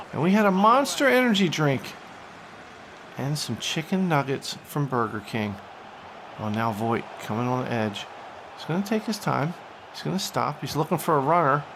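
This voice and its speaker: Young male gaming commentator, higher-pitched, excitable and crude, noisy recording. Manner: excitable, swings from calm to shouting; crude, joking asides. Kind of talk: play-by-play game commentary.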